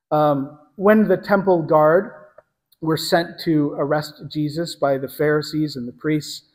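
A man preaching a sermon to a congregation in a conversational teaching manner, pausing to correct himself. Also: on the high side, big-room sound, rough recording.

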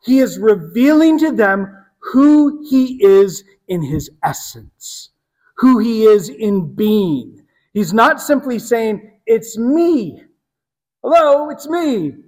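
A man preaching a sermon, teaching earnestly with slow, emphatic phrasing. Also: sits high, lively intonation, darkish tone, long reverb tail. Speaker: pastor.

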